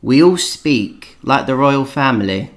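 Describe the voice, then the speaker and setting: A man's voice: medium pitch, lively intonation, a little slow. Chatty man leading a podcast. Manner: chatty, leads the talk, teasing. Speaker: podcast host. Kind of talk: casual chat.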